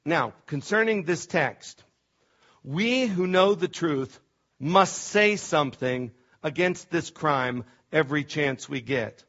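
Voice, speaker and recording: A middle-aged male pastor preaching with fervent emphasis, his voice pitched a little high for a man. He presses hard on key words and now and then trips over restarts. The church recording sounds dull and lo-fi. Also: lively intonation, slow, a bit bright. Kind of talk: sermon.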